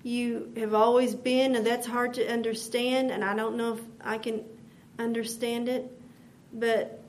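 A woman delivers a devotional sermon at an unhurried pace, her voice sitting somewhat high. She speaks earnestly and repeats phrases as she builds. A faint hiss sits under the recording. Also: level tone. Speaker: preacher.

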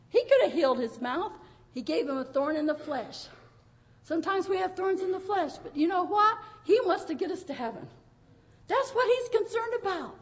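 High-voiced older woman preaching emotionally. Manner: emotional, tearful, laughing through stories. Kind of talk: pentecostal sermon.

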